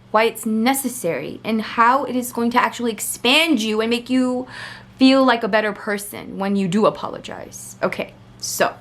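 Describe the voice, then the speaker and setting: A young woman telling a story to her camera in a chatty, digressive way, often laughing at herself and getting animated as she retells an argument. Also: on the high side. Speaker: vlogger. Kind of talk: casual storytime monologue.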